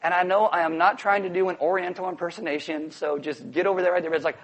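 Animated high-voiced male pastor. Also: fast. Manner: animated, jokey, acts out voices. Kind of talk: sermon.

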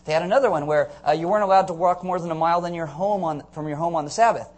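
A man preaching a sermon, animated and joking, acting out characters in comic voices. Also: a little high, rapid-fire. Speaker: pastor.

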